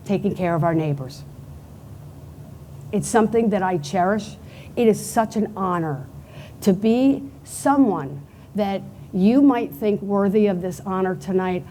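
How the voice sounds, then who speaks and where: A woman's voice: mid-range voice, mellow, a little hiss or hum. A middle-aged woman with a Pennsylvania accent, giving an unscripted acceptance speech at a banquet, telling stories in a chatty way. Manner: chatty storytelling, acts out quotes. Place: banquet hall event.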